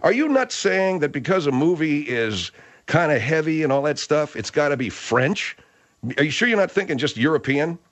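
An excitable male radio host whose pitch leaps around as he argues. He talks fast and gets worked up in a comedy talk show. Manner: excitable, argumentative.

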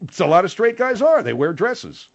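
A man's voice: sits high, sing-song, normal speed, muffled recording. A man in argumentative comedy banter, interrupting often and calling people "man" and "dude".

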